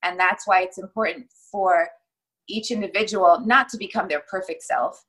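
A woman's voice: lowish voice, normal speed, fairly bright tone, low-quality recording. A woman guest on a panel show, giving long, earnest advice in a casual discussion.

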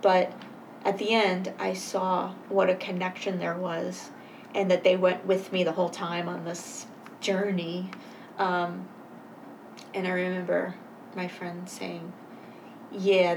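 Woman guest, low gravelly voice, earnest and halting, sits a bit back from the mic. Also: flat delivery. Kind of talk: personal storytelling in conversation. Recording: voice a bit far from mic, faint noise.

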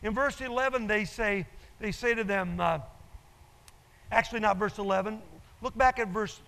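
An older male pastor with a high voice preaches emphatically, driving home his points by repeating them. His sermon rings out with a long reverb in a large church hall. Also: normal speed, vocal fry, sharp tone. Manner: emphatic, repeats key phrases.

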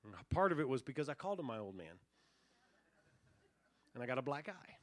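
A man preaching a revival sermon as pastor, earnest, sinking almost to a hush and then swelling on key phrases. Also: mid-range voice, sing-song, a little fast, no echo. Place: church revival service.

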